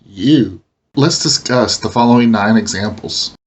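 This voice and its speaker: A man teaching a language lesson, explaining pronunciation slowly and deliberately. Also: mid-range voice, husky. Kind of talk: instructional narration.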